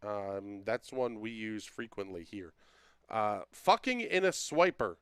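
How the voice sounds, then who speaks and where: A man's voice: on the low side, sing-song, unhurried, clear, resonant tone, no echo, clean studio sound. A man hosting a casual livestream, joking as he reads out viewer comments and talks to them by name. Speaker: livestream host.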